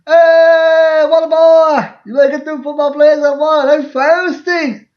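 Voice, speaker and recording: A man doing his loud teasing dad. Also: medium pitch, fairly even intonation, unhurried, pitched below the performer's own voice, close to an everyday voice. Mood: hollering. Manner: mocking, needling. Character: teasing middle-aged dad, loud and joking. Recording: lo-fi dull sound.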